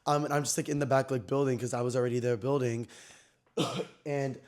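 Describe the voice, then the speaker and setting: A young man hosting his own podcast, telling gossipy stories in an animated, slangy, casual way. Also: mid-range voice, brisk. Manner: animated, chatty, heavy slang and "like" fillers. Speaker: podcast host.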